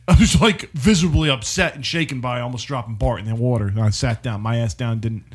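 A man's voice: mid-range voice, brisk, slightly rough. A man co-hosting a podcast in casual chat, profane and laughing as he tells stories. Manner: profane, laughing, animated storytelling. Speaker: podcast co-host.

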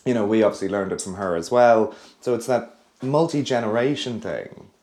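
A man's voice: fairly low pitch, a little fast, a little mellow. A young man, a restaurant chef chatting enthusiastically about his food, with plenty of fillers. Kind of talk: casual cooking chat. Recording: echoey room.

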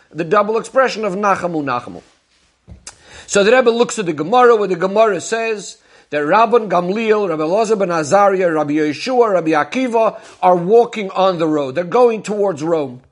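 High-voiced man teaching a Talmudic lesson. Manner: methodical, asks then answers questions; retells stories step by step. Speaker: Torah teacher. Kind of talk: explaining a Talmudic discourse.

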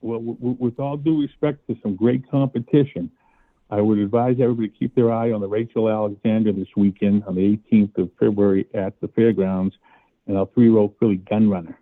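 A man's voice: on the low side, fairly even intonation, fairly quick, no echo. A man being interviewed as a racehorse-owner guest, talking in an easygoing, joking way over a call. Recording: tinny phone line.

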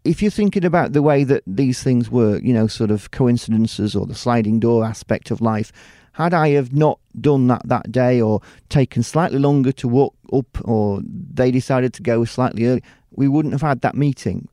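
Here a middle-aged man from the United Kingdom, a TV presenter and producer, speaks casually in an interview with a medium-pitched, warm voice at a moderate pace and few pauses. He rambles with many restarts and "you know"s; the studio-quality audio has no room sound.

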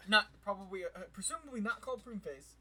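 A man co-hosting a podcast in casual chat, reacting fast and chiming in with short remarks. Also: high-pitched, animated, crowd noise. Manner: quick reactions, laughs along, chimes in. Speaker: podcast co-host.

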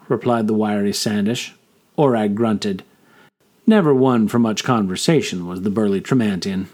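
A man's voice: lowish voice, normal speed, darkish tone. A man reading scripted fantasy story narration, voicing all the characters himself.

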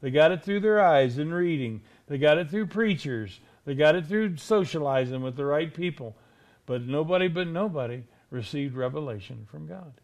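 Emphatic preaching man, fairly high voice. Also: lively intonation. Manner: emphatic, rhetorical questions, drawn-out slow stresses. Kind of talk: sermon.

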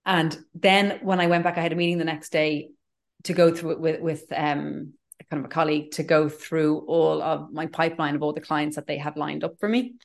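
A woman's voice: low voice, steady tone, normal speed, vocal fry. A woman, telling candid personal stories in a casual chat as co-host, with lots of fillers and restarts. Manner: candid, chatty storyteller with many fillers and restarts. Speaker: podcast co-host.

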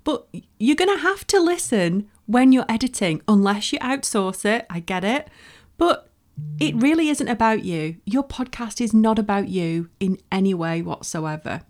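A woman's voice: medium pitch, animated, normal speed, a little mellow. A woman with a Northern English accent from Bolton, hosting a solo podcast and giving frank, emphatic encouragement. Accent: Northern English (Lancashire). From Bolton, northwest England. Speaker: podcast host. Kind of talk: solo podcast advice talk.

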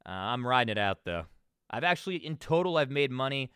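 A man's voice: medium pitch, big pitch swings, a little fast, pushed and bright, clear, resonant tone, no room sound, studio quality. A man hosting a solo podcast, rambling casually and swearing, often restarting and trailing off. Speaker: podcast host.

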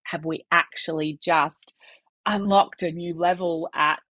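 A woman's voice: on the low side, fairly even intonation, unhurried, a bit bright, no echo. A woman, a podcast guest talking candidly in earnest bursts with some restarts.

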